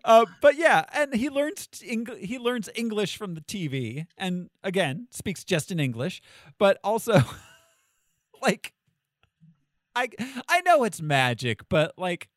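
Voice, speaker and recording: A man co-hosting a casual movie review podcast, animated and quick to laugh. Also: high-pitched, no room sound, clean studio sound. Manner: animated, laughs often, jokey quotes. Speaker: podcast co-host.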